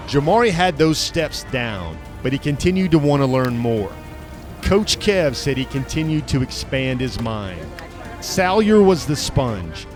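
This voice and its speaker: A man's voice: medium pitch, sing-song. Man narrating over music. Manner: polished, measured. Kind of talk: scripted sports documentary narration.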